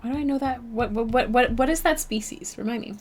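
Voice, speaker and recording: This young woman is an art streamer at her home setup, chatting casually with viewers as she draws; she has a Canadian accent and sounds bubbly, with plenty of fillers. Her pitch is fairly high and she talks a little fast.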